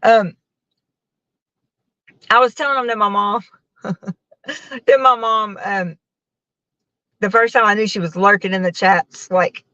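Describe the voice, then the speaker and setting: A woman's voice: mid-range voice, fairly even intonation, slow, long pauses, bright, forceful tone, dry recording. Tired woman rambling on a live stream. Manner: rambling, laughing often, talking to her chat. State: tired after a long work shift. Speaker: livestreamer chatting with viewers. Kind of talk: casual live-stream chat. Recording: dull, dry phone-mic sound.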